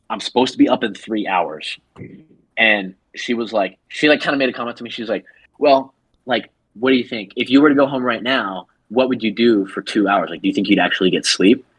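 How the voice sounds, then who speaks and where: A man's voice: lowish voice, a bit bright, breathy edge, no room sound, rough recording. A man on a podcast telling a long story in a casual, rambling way, full of fillers, and acting out the people he quotes. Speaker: podcast co-host.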